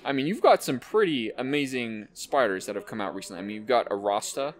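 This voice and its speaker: A man hosting an unboxing, excitedly calling out card names and cracking quick jokes as he goes. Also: mid-range voice. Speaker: host opening card packs. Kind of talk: casual unboxing commentary.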